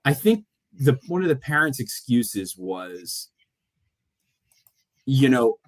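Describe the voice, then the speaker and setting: A man co-hosting a casual podcast, telling stories in an animated way and acting out the voices of people he quotes. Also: mid-range voice, takes it slowly. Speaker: podcast co-host; mortgage loan officer. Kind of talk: casual chat.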